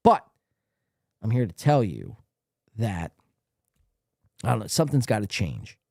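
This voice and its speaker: A man's voice: on the low side, huge pitch swings, a little slow, vocal fry, darkish tone, dry recording, clean studio sound. A man hosting a podcast, commenting casually on clips in a crude, rambling way with plenty of swearing. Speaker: podcast host.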